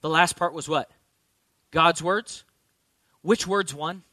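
Male preacher, high bright voice, emphatic sermon delivery with rhetorical questions, dry close sound. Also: slow pace, dry recording. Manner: repeats key lines for emphasis.

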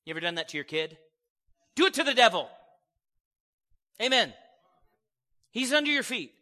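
A man delivers an energetic sermon to his congregation, teasing and acting out the voices of people he quotes. His voice sits high and rings bright. The sound carries the long reverb of a church hall. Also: moderate pace. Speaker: preacher.

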